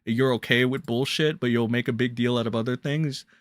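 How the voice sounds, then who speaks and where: A man's voice: mid-range voice, steady tone, a little fast, no echo. A young man ranting bluntly and crudely as a drama commentary streamer on a livestream. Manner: blunt, crude, ranting with sudden loud jumps.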